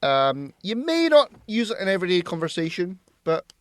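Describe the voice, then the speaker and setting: A man's voice: high-pitched, sing-song, moderate pace, dry recording. A man co-hosting a casual movie podcast chat, trading playful, teasing banter. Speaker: podcast co-host.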